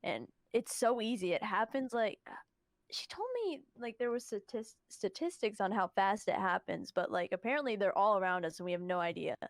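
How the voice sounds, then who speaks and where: A woman's voice: mid-range voice, normal speed, no room sound, studio quality. A young woman in casual group chat, reacting and passing on what she heard from others. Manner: reactive, conversational, relays what others told her.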